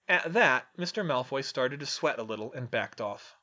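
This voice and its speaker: Brief: man narrating a fan fiction story aloud, animated rise and fall, mid pitch. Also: moderate pace, few pauses. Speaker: audiobook reader.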